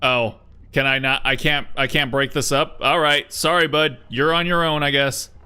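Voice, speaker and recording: A male streamer chats over his gameplay with sarcastic jokes and the odd curse. His voice is bright, crisp and smooth. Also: medium pitch, fairly even intonation, normal speed. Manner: joking, sarcastic, swears. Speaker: game streamer. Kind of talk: casual live-stream commentary.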